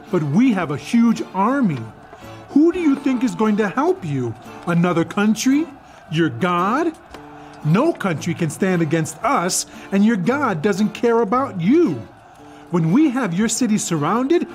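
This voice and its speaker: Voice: medium pitch, big pitch swings, takes it slowly. A boastful enemy messenger sneers and threatens a besieged city , as the narrator of a children's video puts him on. The voice swings up and down as he taunts. Faint music plays under the studio recording. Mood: taunting. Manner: taunting, mocking.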